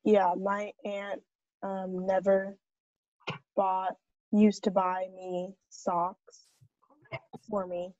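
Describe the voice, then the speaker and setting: A woman student answers questions in an online class, slowly and tentatively. Her voice is mellow and flat in pitch. The video call audio is dry and dull. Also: no echo.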